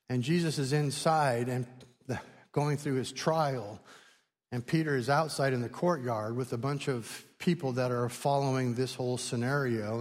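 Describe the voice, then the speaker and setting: Animated preacher man in a reverberant hall. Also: medium pitch. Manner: animated storytelling, acting out voices. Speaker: pastor. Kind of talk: sermon.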